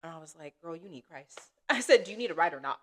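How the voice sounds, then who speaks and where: A woman's voice: low voice, animated, quick pace. A woman co-hosting a podcast, chatting casually and acting out quoted lines as she tells a story. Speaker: podcast co-host.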